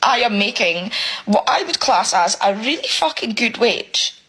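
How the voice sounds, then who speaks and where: A British woman ranting emotionally in a selfie vlog about money, swearing and halting as she speaks. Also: a little high, expressive, a bit bright, slightly rough, low-quality recording. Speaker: single parent venting.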